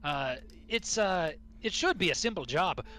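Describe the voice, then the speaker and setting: A man voicing an excitable dwarf who hires adventurers, stammering and calling everyone lad. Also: sits high, a little slow, pitched above the performer's own voice, exaggerated voice. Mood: eager. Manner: stammering, calls everyone lad, old-fashioned phrasing. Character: excitable male dwarf quest-giver, hushed and eager.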